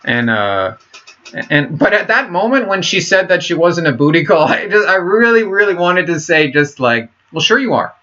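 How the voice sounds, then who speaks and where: A man's voice: high voice, sing-song, moderate pace, sharp tone. A man vlogging in a casual monologue, rambling and swearing, with many fillers and restarts. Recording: dull lo-fi recording.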